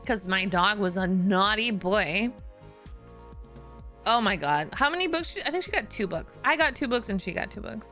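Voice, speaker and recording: Bright-voiced giggly woman streamer. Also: mid-range voice, normal speed, soft background music. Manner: giggly, animated, swears casually. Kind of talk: casual storytelling to chat.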